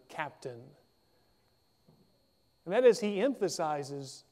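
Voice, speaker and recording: A man preaching a sermon in a measured, emphatic way, reading scripture aloud and then explaining it. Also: on the high side, darkish tone, in a large hall.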